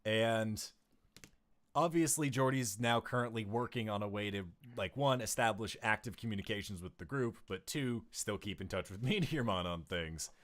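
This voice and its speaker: A man's voice: fairly low pitch, moderate pace. A man running a tabletop game as game master, chatting casually and laughing often at his own slips. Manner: laughs often, self-mocking, animated.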